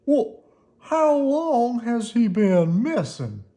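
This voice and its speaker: A reader doing a slow, fussing old neighbor man. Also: mid-range voice, very animated, mellow, voice pushed up, heavily acted. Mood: evasive. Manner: slow, drawn-out.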